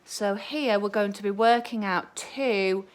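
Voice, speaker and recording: Slow, clear-speaking woman teacher. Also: medium pitch. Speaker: early years teacher. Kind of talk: home maths lesson for young children. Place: at home.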